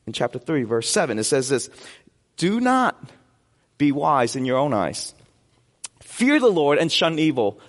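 A pastor preaching to his congregation, his voice set a little high for a man. He keeps it conversational and drops in jokes as he goes. The long reverb of the church sanctuary trails after every phrase. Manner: conversational, joking asides to the congregation. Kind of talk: sermon.

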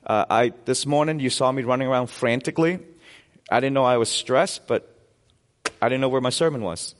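A man's voice: mid-range voice, brisk, long reverb tail. A man preaching a sermon as pastor, conversational and joking with his congregation in a church sanctuary.

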